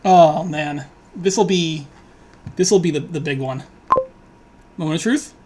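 A woman's voice: fairly low pitch, sing-song, unhurried, husky. Woman musing aloud over a card game. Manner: talks to herself, swings from quiet musing to loud laughing outbursts; swears and pleads at the game. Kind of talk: thinking aloud while playing an online card game.

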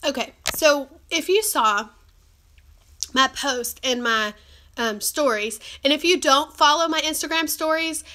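A woman's voice: high voice, sharp tone. A woman with a cold hosting a live stream, talking earnestly and chattily with many fillers. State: has a cold. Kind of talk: encouraging live-stream talk. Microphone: phone or webcam live stream.

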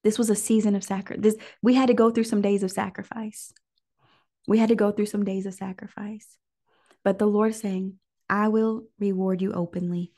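A woman, leading a prayer call and preaching prophetically, dropping to breathy whispers and rising into impassioned declarations. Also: mid-range voice, flat delivery, normal speed, mellow.

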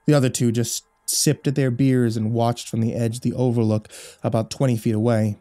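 A man reading a first-person horror story aloud, measured with dramatic swells. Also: mid-range voice, steady tone, mellow.

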